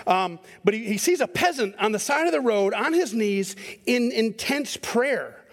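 A man's voice: very high-pitched, animated, moderate pace. A middle-aged male pastor giving a conversational sermon, telling stories and acting out their voices with a self-deprecating manner. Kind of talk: sermon with storytelling. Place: church sanctuary. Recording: long hall reverb.

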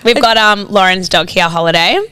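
A woman's voice: mid-range voice, brisk, pushed and bright, clean tone, dry recording. A woman, co-hosting a casual podcast chat, sweary and full of "like". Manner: chatty, sweary, heavy use of "like". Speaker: podcast co-host.

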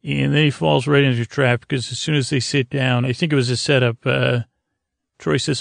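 Guy with a really gravelly voice mumbling thru a tv recap, lots of uh and like, dry close sound. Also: mid-range voice, steady tone, dry recording. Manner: halting, filler-heavy, loosely paraphrasing. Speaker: podcast host. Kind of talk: rambling episode recap for sleep.

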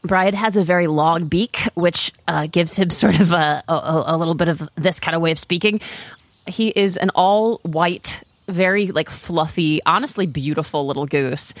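Giggly lady at a tabletop game, chatty, lowish voice. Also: moderate pace, dry recording. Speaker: player.

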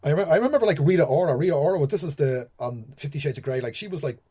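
Fast-talking Irish man full of fillers. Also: on the high side, expressive, dark tone, husky. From Ireland. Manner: rambling, full of "like, you know" fillers. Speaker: screenwriter guest. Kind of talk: casual interview chat.

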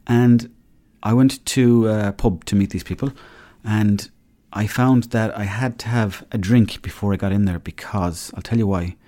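An Irish man in his thirties hosts a solo podcast, rambling and joking loosely and acting out little dialogues. His voice is fairly low, steady and dark, a little slow, with hardly any pauses.

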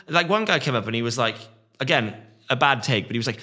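A man, a musician, chatting casually in a halting way, often repeating words as he searches for them. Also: medium pitch, sharp tone. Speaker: guest musician. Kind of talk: casual chat.

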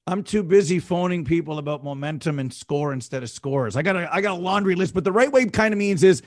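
A man's voice: fairly high pitch, lively intonation, fast talker, dry recording. A man co-hosting a casual sports chat, mostly chiming in with short agreements and dry teasing. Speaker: podcast co-host.

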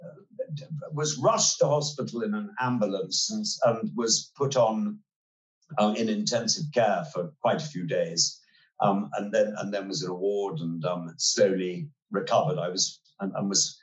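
A man's voice: on the low side, steady tone, a little slow. A man in his sixties, an interview guest telling stories in an articulate, wry way with frequent hesitations. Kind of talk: relaxed conversational interview. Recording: roomy echoey sound.

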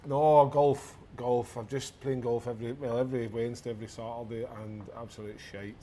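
Scottish co-host, 30s, mid voice, rowdy storyteller. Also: male voice, medium pitch, level tone, fairly quick, dark tone, slight background noise. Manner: boisterous storyteller, laughs a lot, swears. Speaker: podcast co-host. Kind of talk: casual chat.

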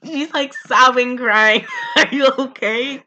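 A woman's voice: sits high, slow pace, sharp tone, muffled recording, slight background noise. A woman co-hosting a casual podcast, sarcastic and profane, often exasperated and laughing. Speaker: podcast co-host. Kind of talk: casual movie-recap podcast chat.

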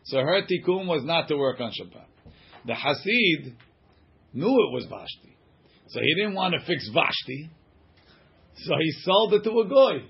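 Male teacher in a casual study class, translating line by line, husky voice, slightly higher pitch, dull lo-fi recording. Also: sing-song, measured pace, long pauses. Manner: conversational, translating passages line by line. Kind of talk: informal text-study class.

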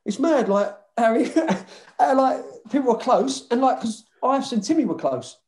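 A man's voice: very high-pitched, animated, measured pace, a little mellow, roomy sound. A man with a London accent, a former footballer telling dressing-room stories in a casual chat, swearing freely and laughing often. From London (Hackney).

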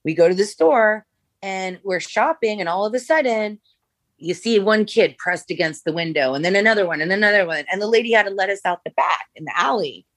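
A former makeup artist appears as a guest in a storytelling interview, telling long stories that ramble with many fillers and restarts. Her medium-pitched voice is expressive, brisk and a bit bright, with no echo.

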